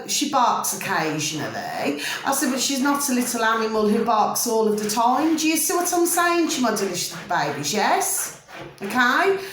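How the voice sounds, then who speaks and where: A woman vlogging in a lively, wound-up rant, pitch swinging high then dropping low as she retells a row. Her voice sits a little high for a woman and rings in an echoey room. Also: a little hiss or hum. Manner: animated, repeats "I said", calls viewers "my delicious little babies". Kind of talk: ranting monologue to viewers.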